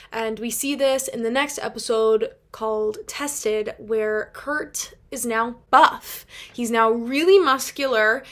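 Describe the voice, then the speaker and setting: Chatty young woman gushing as a fan. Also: fairly high pitch. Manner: casual swearing. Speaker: video essay creator. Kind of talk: casual commentary video essay.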